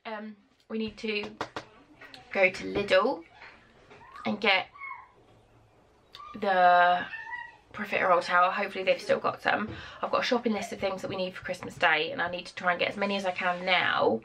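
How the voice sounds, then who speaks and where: Gravelly British woman chatting to camera. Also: mid-range voice, steady tone, fairly bright tone, a little hiss or hum. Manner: chatty, rambling, quick asides. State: tired. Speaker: vlogger. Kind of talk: casual chat to camera. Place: home, indoors.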